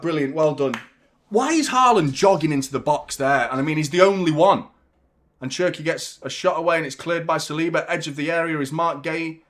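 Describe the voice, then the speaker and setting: Slightly high-pitched and a little quick, this man runs a live watchalong for fans, calling the match with partisan excitement. Big moments bring out shouting and swearing.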